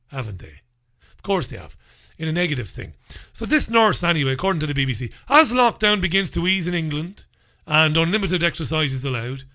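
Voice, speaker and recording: A man's voice: fairly high pitch, bright, forceful tone. Sarcastic, rambling male radio host. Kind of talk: opinionated talk radio monologue.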